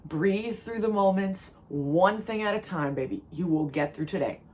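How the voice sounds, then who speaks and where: A woman's voice: on the low side, expressive, normal speed, darkish tone. A woman from New Jersey giving a spiritual pep talk as a tarot reader, emphatic and repetitive. She is emotional and near tears, and she keeps calling the listener "baby.".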